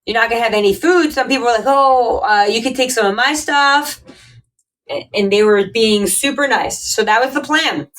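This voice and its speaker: Woman podcast host, chatty and animated, higher pitched, recorded a bit away from the mic. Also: normal speed, distant mic, rough recording. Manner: chatty, animated, acts out quoted voices. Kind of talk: casual solo podcast storytelling and tips.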